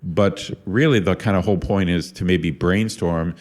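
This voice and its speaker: A man's voice: deep voice, fairly even intonation, moderate pace, a little mellow. A middle-aged man from Ohio, co-hosting a casual podcast and talking thoughtfully, with many restarts and repeated words. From Ohio, USA. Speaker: podcast co-host and university lecturer.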